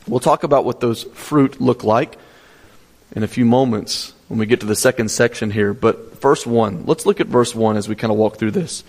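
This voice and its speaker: A man's voice: mid-range voice, normal speed, a little mellow, big-room sound. A male pastor preaching a sermon, teaching step by step, repeating key points and asking the congregation questions.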